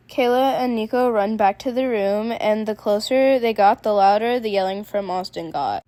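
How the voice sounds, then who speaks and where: A woman narrating a fan story in a plain, steady way. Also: medium pitch, moderate pace, hardly any pauses, no echo. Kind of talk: reading a fan story aloud.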